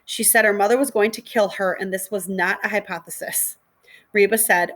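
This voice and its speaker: A woman, a middle school teacher, reading a children's novel aloud to her students in a steady, clear storytelling voice. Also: medium pitch, fairly quick.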